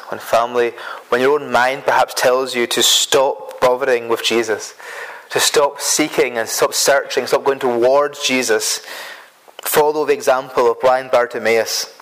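A man's voice: medium pitch, steady tone, measured pace, fairly bright tone, rough recording. A man preaching an earnest sermon who often repeats himself and stumbles over words as he builds his points.

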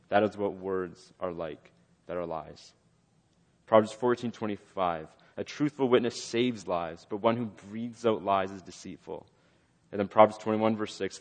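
Man preaching a sermon in a reverberant hall. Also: lowish voice. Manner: conversational storytelling, with self-corrections.

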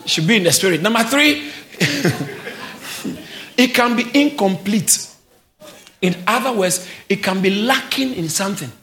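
A man preaching a sermon as a pastor, swinging from soft asides to shouted calls and often laughing between phrases. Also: sits high, unhurried, pauses often, echoey room. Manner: animated preaching, rising to shouts.

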